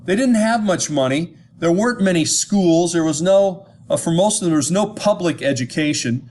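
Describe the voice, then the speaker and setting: A man's voice: high voice, animated, normal speed, a little mellow. An American man giving an informal lecture, talking conversationally and often checking whether his listeners follow, with frequent restarts. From United States.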